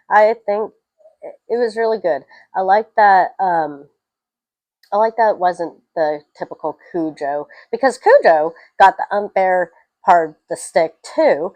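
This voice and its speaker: A woman chatting through a film review, emotional and quick to laugh. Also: fairly low pitch, a little mellow, no room sound, rough recording. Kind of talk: casual spoken film review.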